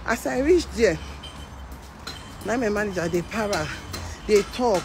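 A Nigerian woman speaking Nigerian Pidgin, telling a story to camera in a lively way and acting out the voices of the people in it. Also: medium pitch, unhurried, music in the background, rough recording. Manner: animated, acts out the voices of others. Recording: outdoor traffic noise behind.

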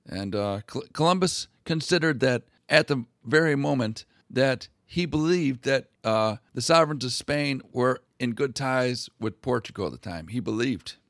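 A man's voice: medium pitch, animated, normal speed, few pauses, fairly bright tone, dry recording, studio quality. Irreverent man retelling history crudely. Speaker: history video host. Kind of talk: casual profane history retelling.

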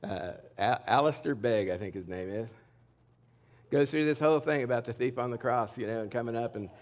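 Middle-aged male pastor, mid-pitched voice, conversational sermon delivery, candid and emphatic. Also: brisk. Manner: conversational, candid preaching that swings between loud and hushed. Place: church sanctuary.

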